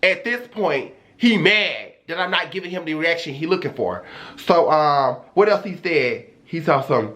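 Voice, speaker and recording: A young man with a notably high voice tells a story for his vlog. He talks in a sassy, dramatic way, full of attitude and emphasis. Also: animated, moderate pace, sharp tone. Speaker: streamer telling a story.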